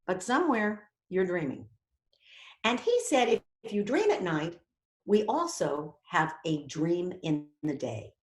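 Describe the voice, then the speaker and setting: Animated woman lecturing in an echoey room. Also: mid-range voice. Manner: animated, acts out quoted inner voices. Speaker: acting teacher.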